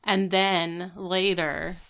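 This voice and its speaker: A woman's voice: on the low side, little pitch movement, extremely slow, fairly bright tone, smooth. A woman co-hosting a podcast, recapping a TV episode in casual, wry chat full of asides. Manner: chatty, wry, lots of "like" asides. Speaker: podcast co-host.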